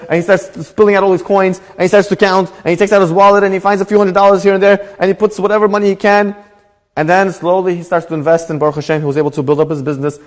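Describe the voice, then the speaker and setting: A man, a rabbi, telling a story in a Torah class in a lively storytelling manner. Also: sits high, very fast, in a large hall. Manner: animated storytelling with voiced characters.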